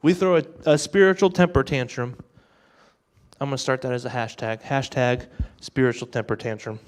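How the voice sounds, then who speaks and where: A man in his twenties preaching an energetic youth sermon. He talks in an animated, joking way and acts out the thoughts he quotes. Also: medium pitch, normal speed. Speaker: youth pastor.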